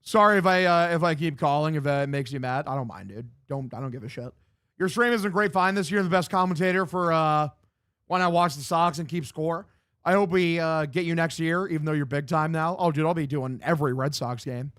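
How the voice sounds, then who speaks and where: A man's voice: a little high, fairly quick, fairly bright tone, clear, resonant tone, dry recording. Young man on a live stream, dry close mic. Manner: loose, profane, reads chat aloud and answers. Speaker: streamer doing live play-by-play. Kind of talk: casual stream chat with play-by-play commentary. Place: home room.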